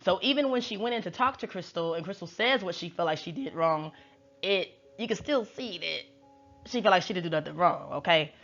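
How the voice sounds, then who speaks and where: Chatty low-voiced woman tarot reader. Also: expressive, moderate pace, a bit bright, soft background music. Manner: chatty, slangy and wry. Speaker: tarot reader and show recapper. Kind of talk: casual chat. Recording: dull lo-fi recording.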